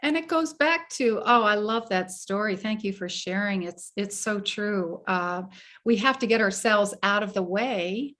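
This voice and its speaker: A woman hosting an interview, enthusiastic and halting, with frequent restarts. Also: mid-range voice, a bit bright. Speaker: host. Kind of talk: casual interview chat.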